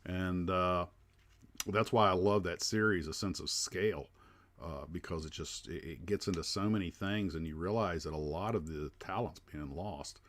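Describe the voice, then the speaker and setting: American guy with a really low voice chatting on his livestream, lots of ums and uhs. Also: normal speed, fairly bright tone. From United States. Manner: rambling, frequent fillers and restarts. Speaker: livestream host. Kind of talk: casual livestream chat.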